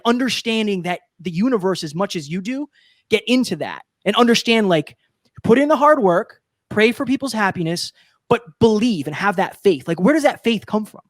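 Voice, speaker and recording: A man's voice: high voice, no room sound, clean studio sound. A man co-hosting an interview, asking loose, probing questions in a casual way. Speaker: podcast co-host.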